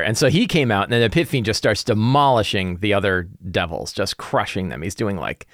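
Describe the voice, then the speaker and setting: A man's voice: fairly low pitch, expressive, fairly quick, few pauses, a bit bright, dry recording, clean studio sound. A man who runs tabletop games, casually recapping a session and planning the next one, with lots of fillers and restarts. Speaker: game master. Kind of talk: casual game-prep vlog.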